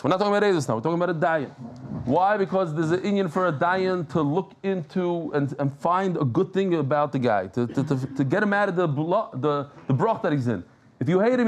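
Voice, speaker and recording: A man leads a live Talmud class, talking in a casual, lively way and bantering with the people around him. His voice sits a little high for a man. He often stops and restarts his sentences as he works through a point. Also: a little hiss or hum. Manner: animated, joking with the room, frequent restarts.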